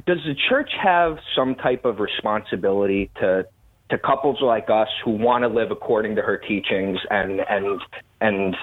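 A man from Connecticut calling in to a radio show, asking his question in a hesitant, halting way with repeated words. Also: on the low side. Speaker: caller. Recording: tinny phone line.

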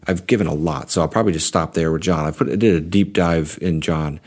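A man's voice: sits low, darkish tone. A man explaining his reading of the church fathers, often restarting and correcting himself as he goes. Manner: halting, self-correcting speech. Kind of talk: lecture clip.

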